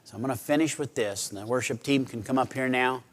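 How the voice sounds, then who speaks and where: A middle-aged man preaching a sermon, earnest and conversational. He has a voice of medium pitch and swings from loud emphasis to quiet, pleading asides. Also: fast. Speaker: pastor.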